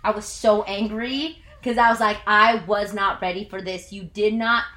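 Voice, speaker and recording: A woman pastor telling a personal story during a sermon, animated and self-mocking, with lots of "like". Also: mid-range voice, normal speed, slight background noise. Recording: echoey room.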